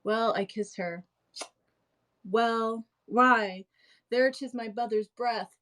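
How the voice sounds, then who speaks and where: A woman's voice: fairly high pitch, fairly even intonation, slow pace, fairly bright tone. A woman reading aloud as a clownish young male servant grieving over his family, with big exaggerated swoops in her delivery. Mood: theatrical lament.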